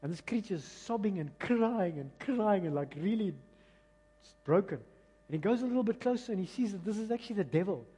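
A man preaching a passionate, emphatic sermon that swings between loud and quiet. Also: sits high, expressive, brisk, husky. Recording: long reverb of a large hall.

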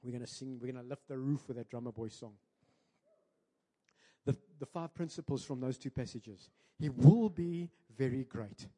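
A South African man preaching a sermon to his church, switching between English and Afrikaans and building to loud, emphatic peaks. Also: medium pitch, moderate pace. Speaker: pastor. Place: church sanctuary. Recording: preacher in a large reverberant church hall.

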